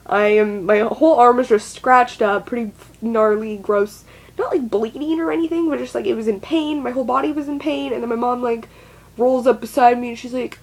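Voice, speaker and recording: A woman's voice: a little high, quick pace, darkish tone, poor audio. A young adult woman telling a personal story in a casual, rambling way, swearing often and filling with "like". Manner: rambling, swears a lot, frequent "like" fillers. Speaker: vlogger.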